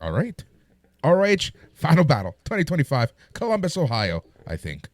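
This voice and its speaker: A man's voice: a little high, wildly swooping pitch, normal speed, dry recording. A man co-hosting a wrestling podcast in casual chat, joking and moving the show along.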